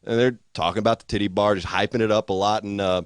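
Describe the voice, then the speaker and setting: A man talks fast and loose, firing off quick jokes as he tells an anecdote of his own. His mid-range voice sits close to a dry, dead-sounding mic with no room at all. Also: on the low side, fairly even intonation, clear, resonant tone, no echo. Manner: quick, joking interjections. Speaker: podcast co-host, comedian. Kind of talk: casual chat.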